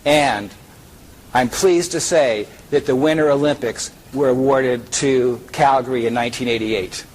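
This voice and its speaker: A man's voice: mid-range voice, unhurried, poor audio. A man giving a conference keynote, joking and bringing audience members up to act out a story. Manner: lively, joking, pulls audience members on stage. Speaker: keynote speaker.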